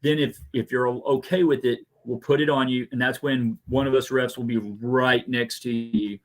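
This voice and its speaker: A paintball referee in casual chat who explains the rules after a few hesitant starts. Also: male voice, medium pitch, fairly even intonation, moderate pace.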